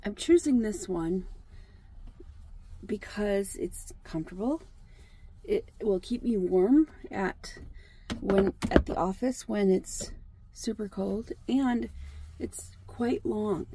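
A woman's voice: medium pitch, slow, long pauses, slightly rough. A woman chatting casually to the camera in a rambling vlog, partly outdoors by a lake. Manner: chatty and rambling, talks softly to a duck. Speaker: vlogger.

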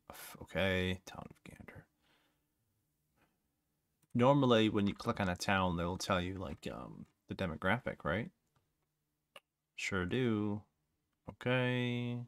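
A man's voice: fairly low pitch, bright, forceful tone, no echo. Chatty man reacting to a musical. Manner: chatty, self-deprecating, laughs. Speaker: reaction video host. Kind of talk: casual reaction commentary.

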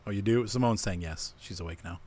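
Low-voiced man explaining farm plans. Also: brisk, background noise. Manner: explains plans while playing. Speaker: let's-play host. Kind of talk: casual gameplay chat.

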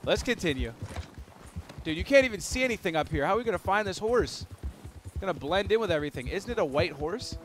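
A young man commentating his game live for viewers, excitable and prone to yelling and laughing when things go wrong. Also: high voice, fast talker, soft background music. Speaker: gaming streamer.

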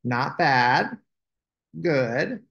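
A man voicing a practical, helpful male knight in a storybook read-aloud, brisk and coaching. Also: medium pitch, expressive, creaky, fairly bright tone, muffled recording, heavily acted.

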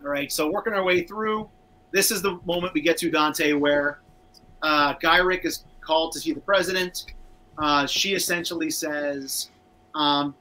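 A man's voice: a little high, moderate pace, sharp tone, poor audio. A man co-hosting a casual cartoon rewatch show, chatting and reading out viewer comments. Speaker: podcast co-host.

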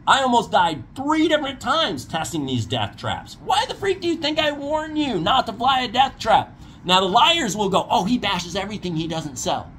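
A man's voice: very high-pitched, wildly swooping pitch, normal speed, a bit bright, slight background noise. A man ranting bluntly in a commentary video, mocking others and giving safety warnings as a paramotor dealer.

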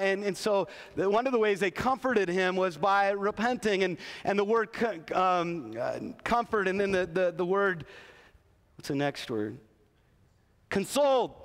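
A middle-aged man preaching a sermon as pastor, earnest, often restarting his phrases. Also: high voice. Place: large church sanctuary. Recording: long reverb of a church hall.

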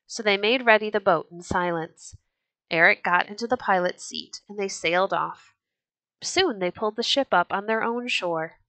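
A woman reading a storybook aloud with gentle, expressive narration. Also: fairly low pitch, dry recording.

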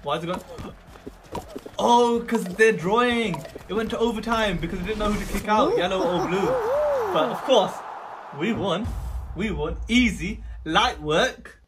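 A young man giving excitable live commentary on his gameplay, swinging from muttering to shouting. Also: high-pitched, unhurried. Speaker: gaming YouTuber. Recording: music playing under the voice.

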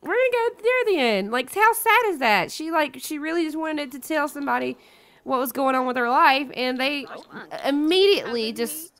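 A young woman with the sniffles commentates a life-sim game, bossing and teasing the characters in an excitable, jokey way. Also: high-pitched, moderate pace. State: sniffly with a cold. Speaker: gaming YouTuber. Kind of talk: Let's Play commentary.

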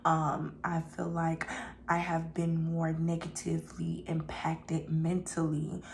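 A woman's voice: low voice, monotone, slow, creaky, a little hiss or hum. A young woman vlogger chatting casually to her viewers while eating a meal, addressing them as y'all and burping now and then between bites. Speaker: mukbang vlogger.

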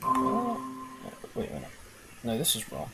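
A man's voice: medium pitch, a little slow, vocal fry, very noisy. A man casually commentating on a puzzle game as he plays, exclaiming and swearing at it. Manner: excitable, swears and exclaims while playing. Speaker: gaming video host. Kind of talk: casual let's-play commentary.

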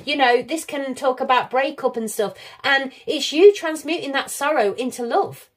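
Woman, high voice, tarot reader, effusive and encouraging. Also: moderate pace. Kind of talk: recorded tarot reading to viewers.

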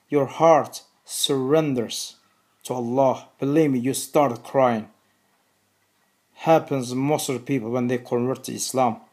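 A man with a Turkish accent, a native Turkish speaker, talking earnestly to the camera in a video, repeating his phrases slowly and deliberately. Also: medium pitch, darkish tone. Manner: earnest, repetitive, slow and deliberate. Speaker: video host. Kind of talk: religious appeal to camera.

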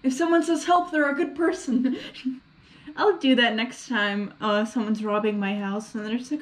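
A woman's voice: fairly high pitch, fairly even intonation, normal speed. A young woman chatting and laughing as she plays through a game and reads it aloud. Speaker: gamer reading and voicing a game. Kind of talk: let's play commentary. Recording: faint music behind.

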